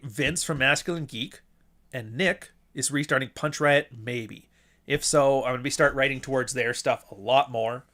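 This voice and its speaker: Man, livestream host, mid pitch, blunt swearing rant, casual delivery. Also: fairly bright tone. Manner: profane, blunt, ranting. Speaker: podcast host.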